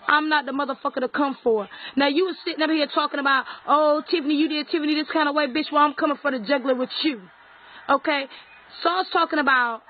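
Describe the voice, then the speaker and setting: High-voiced woman ranting on a tinny line. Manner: aggressive, taunting, heavy profanity. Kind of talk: profane confrontational rant. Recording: tinny phone-like audio.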